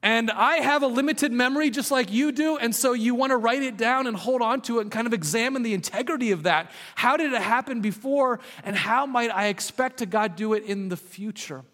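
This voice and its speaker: A man preaching a sermon as a pastor, earnest, sometimes dropping to a hushed voice for emphasis. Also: very high-pitched, a little fast, few pauses. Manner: earnest, drops to a hushed voice on key points. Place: church hall with long reverb. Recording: reverberant church hall.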